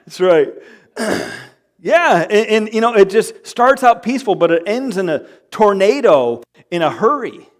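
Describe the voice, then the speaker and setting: A man's voice: high voice, a little slow. A male pastor preaching a sermon in church, joking with the congregation and acting out quoted arguments in his own voice. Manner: animated, jokey, acts out quoted arguments. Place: church sanctuary.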